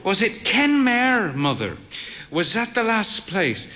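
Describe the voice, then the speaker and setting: A fey, whimsical man in late middle age, as a male storyteller plays him, with a droll, playful delivery that drifts into crooning. His voice is bright and lively in this spoken story. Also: sits high, slow pace, pitched above the performer's own voice, full character voice.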